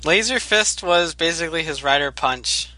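A relaxed young man chats with friends, explaining things and chuckling now and then. His tone is very bright and a little high. The recording is dry and close. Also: moderate pace, no echo. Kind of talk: casual podcast chat.

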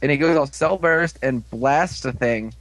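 A man casually recapping a TV episode, rambling with lots of "like"s and quick asides. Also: mid-range voice, very noisy. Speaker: show recapper.

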